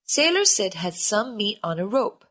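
A woman reads a children's picture book aloud at an unhurried, careful pace. Her pitch swings widely as she tells the story. She keeps her reading clear and expressive throughout. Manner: lively, slow, clear reading with voiced shouts for characters. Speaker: storybook reader.

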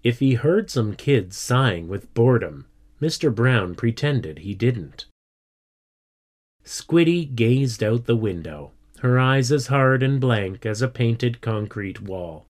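Man reading a story slowly. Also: mid-range voice, expressive, darkish tone. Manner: slow, deliberate. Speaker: reader. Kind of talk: storybook narration.

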